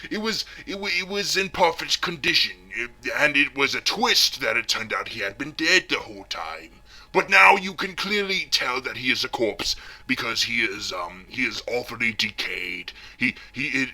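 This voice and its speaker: A man playing a pompous, self-pitying heavyset villain who vlogs, talking theatrically and swinging between hushed whispers and shouts. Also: mid-range voice, husky, heavily acted. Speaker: comic villain vlogger. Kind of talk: parody character vlog.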